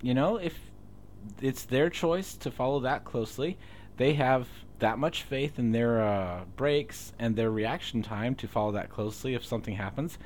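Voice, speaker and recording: A man's voice: medium pitch, normal speed, darkish tone, slight background noise. A man co-hosting a podcast, telling personal stories in an easygoing way and laughing often. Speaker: podcast co-host. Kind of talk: casual chat.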